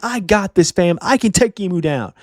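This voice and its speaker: A man's voice: high-pitched, animated, moderate pace, no room sound, studio quality. A man voicing a boastful, laid-back male giant warrior who talks in casual slang. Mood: confident.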